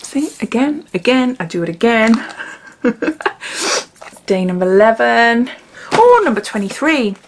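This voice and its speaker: A woman's voice: on the high side, big pitch swings, unhurried, pauses often, slight background noise. A woman chatting casually as she unboxes and sniffs gins, giggling often and dropping into whispers. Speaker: beauty vlogger.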